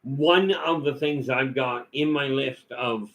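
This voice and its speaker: A man's voice: medium pitch, slow, a bit bright, rough recording. A man giving a rambling, folksy talk full of stories and asides as a vlog host. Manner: folksy, storytelling, many "you know" fillers.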